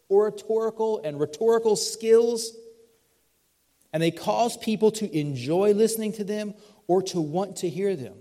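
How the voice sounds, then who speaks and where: In a church sanctuary, a male pastor from the Southern United States preaches conversationally, dropping light asides in a mixed Southern US accent. His voice sits high and has a dark tone.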